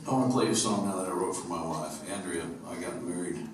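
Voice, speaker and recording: This upstate New York singer-songwriter talks fast in a low-pitched voice, spinning funny, meandering stories with plenty of fillers between songs. He's on a theater stage at a live concert, and the recording is distant, echoey and noisy.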